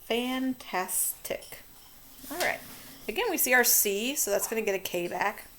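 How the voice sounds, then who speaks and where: A woman teaching a children's spelling lesson, dictating words slowly and walking through how to mark each syllable. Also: mid-range voice, sing-song, bright, forceful tone, slight background noise. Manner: slow, stretched-out word dictation.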